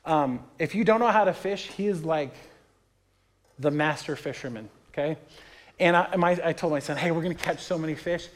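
A man's voice: fairly high pitch, normal speed. A man in his thirties, a pastor, preaching a sermon in a conversational, storytelling way, acting out the people he quotes.

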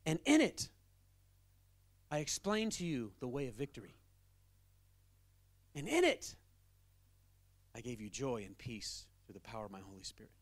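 A man voicing God as a patient, calm father figure who talks in an unhurried, gently chiding way. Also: mid-range voice, pitched below the performer's own voice.

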